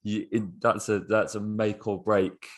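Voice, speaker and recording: A man with a very deep voice co-hosts a casual football podcast. He talks in an excitable rush and swears freely. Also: unhurried. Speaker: podcast co-host.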